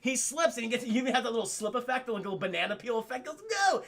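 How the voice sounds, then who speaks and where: A man recapping a film live to his chat, animated and profane. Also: extremely high pitch, very fast, vocal fry. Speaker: streamer and film reviewer.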